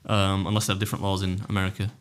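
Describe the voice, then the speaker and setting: Animated English podcast host. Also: male voice, deep voice, rapid-fire, smooth. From England. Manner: animated storyteller, laughing, swearing. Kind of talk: casual podcast chat.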